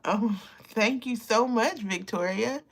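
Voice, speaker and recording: A woman's voice: a little high, slow. Chatty woman around fifty. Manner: chatty, emotional, laughs often, talks to viewers while applying makeup. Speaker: beauty livestream host. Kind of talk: casual live makeup chat.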